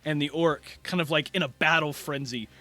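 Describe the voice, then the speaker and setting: A man's voice: fairly high pitch, steady tone, moderate pace, bright, forceful tone, soft background music. A man narrating a tabletop game as game master, in a loose, rambling way full of fillers.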